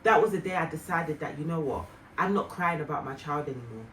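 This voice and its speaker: Woman, family vlogger, earnest, reflective, soft fillers, echoey room, distant mic. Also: deep voice, animated, fast talker. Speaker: vlogger mother. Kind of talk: heartfelt personal storytelling. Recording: roomy, distant mic, faint noise.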